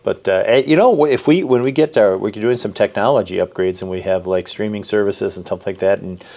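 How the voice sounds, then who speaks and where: A man with a low, gravelly voice chats on a church podcast in a loose, rambling way. He is a pastor who jokes easily, and he fills his sentences with "you know" as he goes. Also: brisk, darkish tone. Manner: rambling and joking, lots of "you know" fillers. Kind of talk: casual conversational podcast chat.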